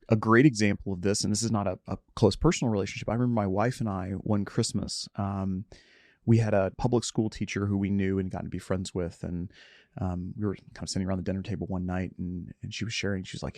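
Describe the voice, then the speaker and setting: A middle-aged man, a podcast guest, telling a personal story in an earnest, candid way, often halting and restarting. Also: fairly low pitch, darkish tone, dry recording, studio quality. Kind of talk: reflective conversational storytelling.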